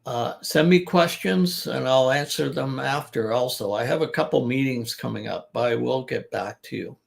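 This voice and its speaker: A man's voice: mid-range voice, moderate pace, gravelly. An older man coaching business English in a chatty talk, restarting sentences and repeating words to show their stress. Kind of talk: informal online teaching talk.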